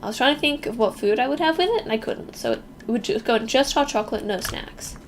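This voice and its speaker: Woman, Australian accent, chatty, self-deprecating, animated delivery, a touch high. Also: fast, slight background noise. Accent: Australian, Melbourne. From Melbourne, Australia. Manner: chatty and expressive, self-deprecating, reacts aloud to the game. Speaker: streamer. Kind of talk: casual gameplay commentary, chatting with viewers.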